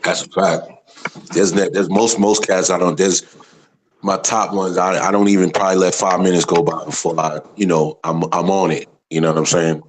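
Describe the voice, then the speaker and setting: A man's voice: deep voice, level tone, normal speed, a little hiss or hum, low-quality recording. A man hosting a livestream chat, talking casually and often asking "you know what I mean".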